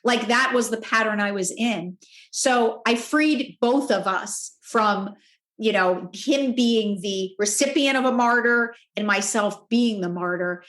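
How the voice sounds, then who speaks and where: A fairly high-voiced woman tells a personal story, animated and quick to act out quoted speech with big jumps in pitch. Her voice echoes in a room recording. She talks in a loose, conversational way. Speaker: podcast guest.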